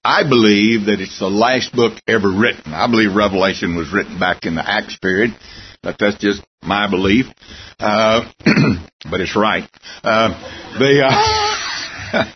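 A man's voice: on the low side, big pitch swings, measured pace, muffled recording, slight background noise. A man preaching a sermon in a folksy, emphatic way, with wry asides.

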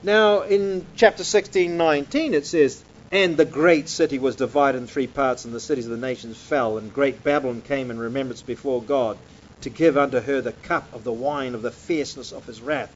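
A man with a medium-pitched voice, talking at normal speed, delivers an emphatic, conversational sermon shown on slides to people in a church or hall and online. He often says "man" mid-line, and the recording is muffled with a little hiss or hum.

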